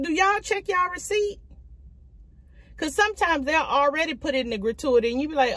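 A woman vlogging casually to camera, talking in a chatty, slangy, animated way while sitting on the floor in a dim room at home. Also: sits high, fairly quick.

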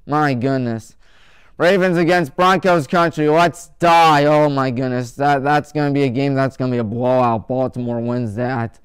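Smooth-voiced man making sports picks. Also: mid-range voice, fairly even intonation, normal speed. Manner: joking, opinionated, with sarcastic team nicknames. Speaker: sports talk show host.

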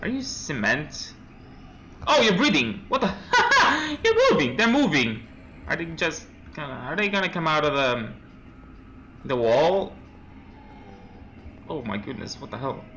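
Young male let's-player, bright tense voice, jumpy horror-game commentary full of nervous laughs. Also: a little high, wildly swooping pitch, a little slow, pauses often, slight background noise, poor audio. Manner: jumpy reactions, reading game text aloud, nervous laughs. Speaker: let's play gamer.

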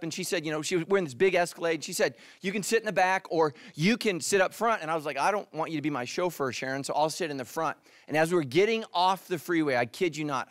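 A middle-aged pastor from California preaches in a joking storyteller's way, then turns quiet and earnest. His voice sits a little high and is recorded close and dry. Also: dry recording. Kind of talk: sermon.

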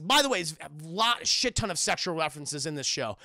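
A man's voice: a little high, very animated, fairly quick, sharp tone, no echo, studio quality. A man streaming a casual, rambling review of a TV show, swearing often and talking to his chat. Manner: rambling and profane, addresses chat. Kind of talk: casual live-stream commentary.

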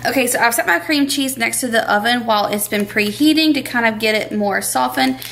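A woman's voice: on the high side, a little fast, gravelly, fairly bright tone, a little hiss or hum. A young woman, chatting casually to viewers while she cooks in her home kitchen. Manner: chatty, addresses viewers as y'all. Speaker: cooking vlogger. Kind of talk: casual cooking vlog.

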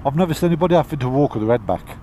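Man, lively, teasing riding buddy on a helmet intercom, keen to laugh. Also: mid-range voice, racing, a little hiss or hum. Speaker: motorcycle vlogger. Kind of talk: casual chat while riding. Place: outdoors on a motorcycle.

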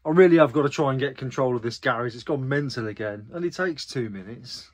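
A man's voice: mid-range voice, fast talker, background noise. A chatty man talking straight to his viewers in a casual vlog, poking fun at himself as he goes. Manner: chatty, self-deprecating, talks to viewers directly. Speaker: reseller vlogger.

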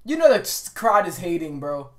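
A woman hosting a casual anime reaction video, excitable and slangy, talking back at the screen with frequent exclamations and laughter. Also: lowish voice, moderate pace. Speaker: reaction channel host.

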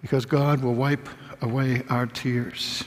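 An older man preaching a sermon lecture, telling stories and dropping to a hushed voice on tender points. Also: medium pitch, level tone, slow pace. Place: lecture hall. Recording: long hall reverb.

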